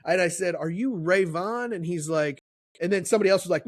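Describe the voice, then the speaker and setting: Middle-aged male podcast co-host, animated storyteller, a bit higher pitched. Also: fast talker, no echo. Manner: animated storyteller, acts out quoted voices. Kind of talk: casual storytelling chat.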